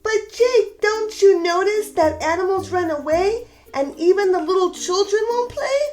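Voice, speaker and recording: A woman voicing small, worried yellow songbirds who ask light, questioning things. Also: very high voice, a little slow, soft background music, pitched above the performer's own voice. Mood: puzzled.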